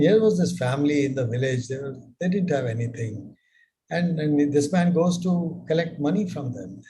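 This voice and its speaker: An older man giving business advice in a live mentorship session, speaking in a measured way with many rhetorical questions. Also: a little high, dark tone, rough recording.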